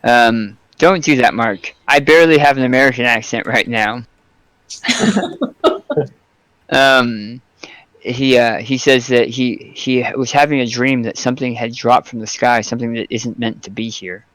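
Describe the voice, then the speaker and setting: A man narrating as game master for a tabletop game, pausing often with ums and restarting sentences. His voice is smooth and clear, recorded dry and close with no room sound. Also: medium pitch, steady tone, fairly bright tone, no echo. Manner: hesitant, lots of ums and restarts.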